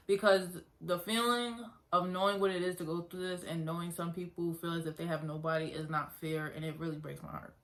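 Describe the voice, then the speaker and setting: Earnest young woman with a bright voice. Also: fairly low pitch, flat delivery, brisk. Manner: earnest, conversational, repeats herself. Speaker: vlogger. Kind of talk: personal storytelling vlog.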